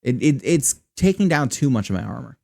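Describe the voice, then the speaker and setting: A man's voice: mid-range voice, sing-song, fairly quick, vocal fry, darkish tone. A man chatting wryly through casual live gameplay commentary, swearing when annoyed, on a close desk mic run through a voice changer app. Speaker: streamer.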